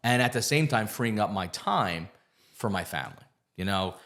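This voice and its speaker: A man's voice: on the low side, animated, moderate pace, fairly bright tone. A man talking as a podcast guest in casual conversation, telling candid stories with lots of filler words and the odd swear.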